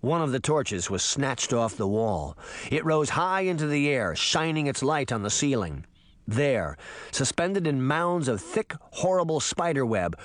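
A man narrating a fantasy audiobook in a dramatic, expressive reading style. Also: medium pitch, no room sound. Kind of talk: scripted narration.

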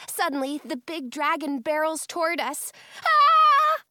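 A woman narrates a first-person children's storybook and brings every character to life. Her voice is high and lively, and she reads slowly. The sound is close and dry. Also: no room sound. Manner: expressive, playing every character.

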